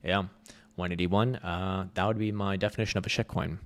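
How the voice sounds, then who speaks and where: A man's voice: low voice, steady tone, fairly quick. A man giving blunt, sarcastic live market commentary, swearing freely.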